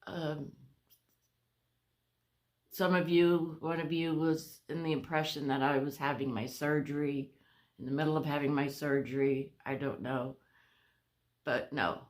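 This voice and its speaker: A woman vlogging a personal update to her viewers on a phone camera. She is short of breath, halting, and restarts often. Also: deep voice. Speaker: vlogger sharing a health update. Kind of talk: casual talk to camera.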